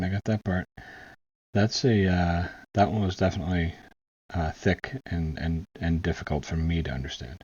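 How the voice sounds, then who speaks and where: A very low, husky American man talks casually to his viewers, thinking out loud and groping for words. The sound is a bit dull and muffled. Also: steady tone, moderate pace, no room sound. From United States. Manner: musing, searching for words. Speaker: reaction video host. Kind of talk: casual commentary.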